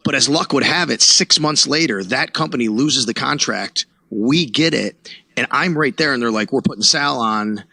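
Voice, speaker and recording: A man in his forties, a guest on an interview podcast, telling his story in an animated way and acting out what others said. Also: mid-range voice, normal speed, vocal fry, no room sound. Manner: animated storyteller who acts out quotes, laughs. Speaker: guest, sports radio reporter.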